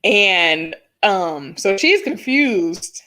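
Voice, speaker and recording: A woman co-hosting a casual reality TV recap, chatty and quick to laugh. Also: medium pitch, sing-song, pushed and bright. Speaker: podcast co-host.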